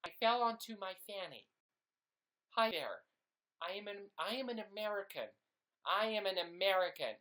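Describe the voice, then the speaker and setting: An Englishman doing a shrill whiny American man. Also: animated, normal speed, long pauses. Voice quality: high, shouty and whining. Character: brash loud American man, whiny about his rights.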